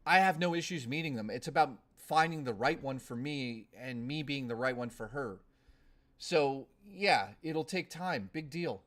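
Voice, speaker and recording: A man's voice: medium pitch, a little slow, a bit bright. A young man live-streaming in casual chat, ranting bluntly with lots of swearing and rambling restarts.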